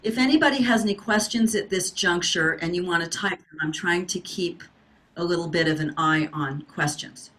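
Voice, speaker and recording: A woman's voice: lowish voice, a bit bright. A middle-aged woman teaching an online singing workshop over a video call, encouraging the class to wave and respond.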